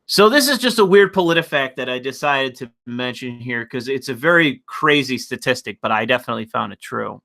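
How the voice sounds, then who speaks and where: A man's voice: medium pitch, animated, a little fast, gravelly, hardly any pauses, pushed and bright. A man hosting a livestream, ranting casually in a profane, rambling, mocking way. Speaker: livestream host.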